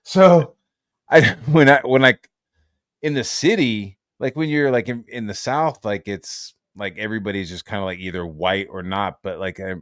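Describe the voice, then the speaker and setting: A man's voice: lowish voice, moderate pace, a bit bright, no room sound, clean studio sound. A man hosting a casual podcast, telling rambling stories full of fillers and casual swearing. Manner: rambling, filler-heavy storytelling. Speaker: podcast host. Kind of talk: casual chat.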